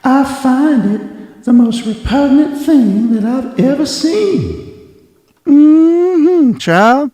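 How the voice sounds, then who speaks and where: A man putting on a fussy, drawn-out Southern belle. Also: huge pitch swings, reverberant, in a large hall, heavily acted, poor audio. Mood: mocking. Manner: drawn-out, high, mincing delivery. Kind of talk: mocking impression.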